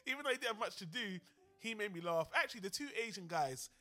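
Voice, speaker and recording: A man's voice: high voice, lively intonation, quick pace, bright, forceful tone. A man co-hosting a film podcast, talking casually and animatedly, swearing freely and acting out lines from the movie. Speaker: podcast co-host.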